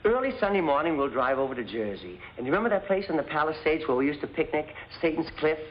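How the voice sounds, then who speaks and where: An actor playing a hot-tempered middle-aged father in a 1950s sitcom, gruff and explosive. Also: a little high, big pitch swings, fast talker, a little hiss or hum. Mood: blustering. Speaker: father, businessman. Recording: dull lo-fi 1950s TV audio.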